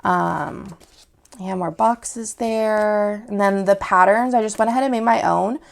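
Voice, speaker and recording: A woman with a sore throat and a sick voice walks through her shop's new releases, rambling and leaning on fillers. Her voice carries a gravelly, fried texture at an ordinary middle pitch. She sounds like a casual product showcase vlog. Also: a little slow. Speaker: shop owner showing new products.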